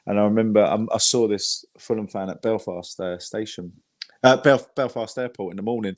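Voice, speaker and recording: Guy, lowish voice, dry close sound, chatty and sweary guest storyteller. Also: steady tone, normal speed, dry recording. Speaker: guest, football fan. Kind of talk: casual podcast chat.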